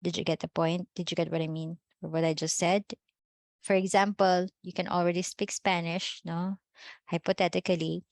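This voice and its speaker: A woman's voice: lowish voice, flat delivery, normal speed, a little mellow, no echo. A woman teacher with a Filipino accent giving an online class, mixing English and Filipino and checking in with "okay?" and "no?".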